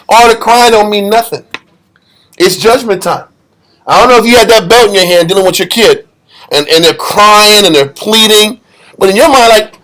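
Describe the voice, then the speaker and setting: A man's voice: high-pitched, a bit bright. A man leading a group scripture study, preaching in a blunt, emphatic way with street slang. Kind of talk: informal Bible study sermon.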